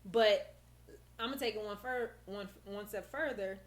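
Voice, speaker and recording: A woman therapist, a guest on a podcast, explaining in a lively, casual way and acting out how she talks with her young clients. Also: mid-range voice, normal speed.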